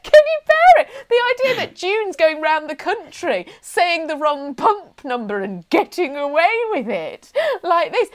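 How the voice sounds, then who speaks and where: A woman co-hosting a casual chat, telling a story with animated asides and frequent laughter. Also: extremely high pitch, a little slow.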